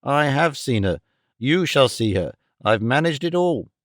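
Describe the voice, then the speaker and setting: A man voicing an eccentric older male clerk who talks in an excited, fussy, reassuring way. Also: medium pitch, measured pace, no echo, studio quality. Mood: eager.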